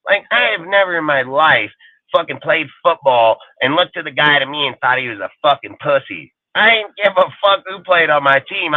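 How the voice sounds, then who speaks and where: A man with a somewhat high voice hosts a fan live show and rants heatedly with plenty of swearing. The livestream audio is dry and tinny, like a phone.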